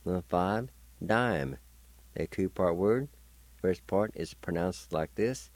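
Male host, patient language teacher, slow and mellow, dry close sound. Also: sits low, no echo. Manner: patient, spells letters and repeats syllables slowly. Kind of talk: slow word-by-word pronunciation lesson.

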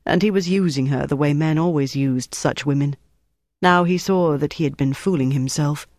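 A steady audiobook narrator with a mid-range voice delivers scripted narration. The recording is dry.

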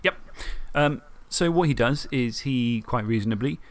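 A man on a podcast, telling the story of a tabletop game match in a lively way, swearing and acting out his own thoughts. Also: mid-range voice, moderate pace. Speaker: podcast co-host. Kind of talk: casual tabletop game recap.

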